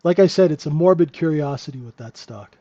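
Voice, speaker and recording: A man's voice: a little high, expressive, fairly quick, mellow, muffled recording. A man hosting a live trading room, giving casual, joking market commentary and answering viewers by name. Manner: chatty, joking, talks to chat viewers by name.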